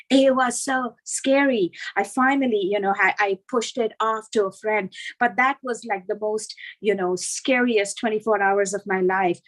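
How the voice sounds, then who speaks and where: A middle-aged woman doing a self-deprecating stand-up set, telling animated stories with lots of fillers. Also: high-pitched, normal speed, hardly any pauses, low-quality recording. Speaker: stand-up comedian.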